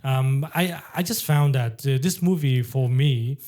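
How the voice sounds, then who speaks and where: A man's voice: medium pitch, mellow. Man hosting a casual film chat. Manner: measured, hesitant with "uh" and "um". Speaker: podcast host.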